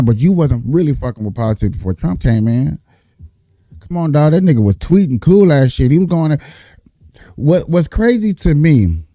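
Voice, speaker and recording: A man's voice: mid-range voice, mellow, no room sound, studio quality. A man arguing hard in a casual panel debate, profane and emphatic, repeating his points. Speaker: panelist, Trump supporter.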